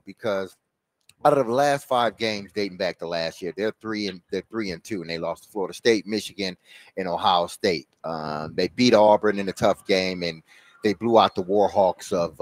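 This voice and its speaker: A male sports radio host with a very low voice asks his guest halting questions full of pauses and fillers. The sound is dry and close, with no room echo. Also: a little mellow.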